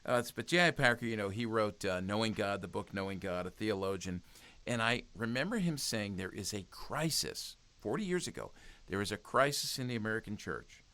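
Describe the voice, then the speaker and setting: A man's voice: lowish voice, big pitch swings, fairly quick, bright, forceful tone. A man speaking as a guest in a conversational interview, earnest and exhortative, often restarting his sentences. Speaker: podcast guest, youth ministry speaker.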